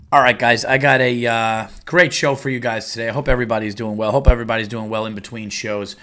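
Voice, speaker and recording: Man, middle-aged, podcast host, casual rambling chat, profane, bright voice, mid pitch. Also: steady tone, fast, few pauses. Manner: loose, profane, rambling with many fillers.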